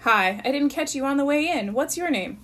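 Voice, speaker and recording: A woman reading a storybook aloud, voicing a cheerful, bossy young male camp counselor in a bright upbeat manner. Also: sits high, lively intonation, fairly quick, a little hiss or hum, pitched above the performer's own voice. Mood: cheery.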